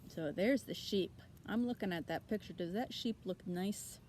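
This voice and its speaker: A woman's voice: mid-range voice, normal speed, noisy background. A woman teacher reading a children's novel aloud expressively, with asides to her listeners.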